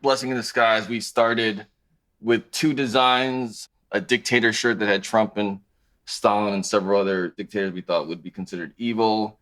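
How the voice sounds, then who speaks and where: A man in his thirties, a podcast guest talking about his clothing brand in a relaxed, conversational way. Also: on the low side, moderate pace. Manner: relaxed, conversational, thinks aloud with restarts. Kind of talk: casual interview chat.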